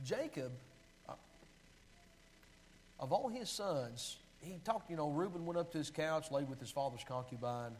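A man's voice: on the high side, animated, unhurried, pauses often, darkish tone, a little hiss or hum, low-quality recording. Man preaching, reading scripture aloud. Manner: reads scripture aloud with pleading, sinking delivery; restarts and self-corrections while finding verses.

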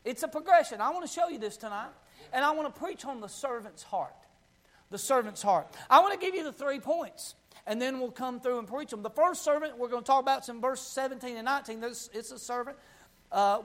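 A man with an Appalachian accent preaching a sermon, fervent, often rising to a shout and calling for amens. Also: extremely high pitch.

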